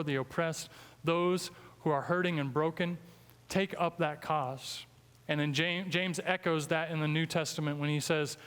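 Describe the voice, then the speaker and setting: A man with a Midwestern American accent preaches a sermon in a church sanctuary, his voice a little higher than most and clear and smooth. He sounds earnest and emphatic, and he slows down for scripture. A long reverb trails each phrase through the hall. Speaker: guest preacher.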